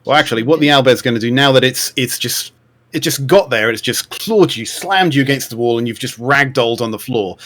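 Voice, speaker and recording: A man acting as game master, narrating monster moves vividly for his players over a voice call. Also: medium pitch. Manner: lively, vivid play-by-play of monster actions. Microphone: online voice call.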